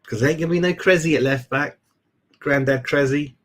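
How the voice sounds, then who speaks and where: A man's voice: a little high, brisk, a bit bright. A middle-aged man chatting casually on a live fan stream, calling everyone "mate" as he goes. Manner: chatty, says "mate" a lot. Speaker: fan channel host.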